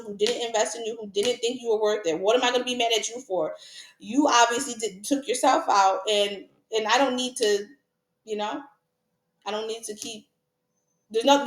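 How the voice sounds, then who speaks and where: A woman with a somewhat high voice and a roomy sound gives her viewers a casual tarot reading. She is frank and repetitive, asks rhetorical questions, and laughs often.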